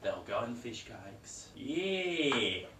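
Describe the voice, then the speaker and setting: A man's voice: mid-range voice, big pitch swings, very slow, pushed and bright. A man co-hosting a comedy cooking skit in a playful, mock-posh way, with some hesitations. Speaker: co-host guest. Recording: roomy kitchen, far from mic, noisy.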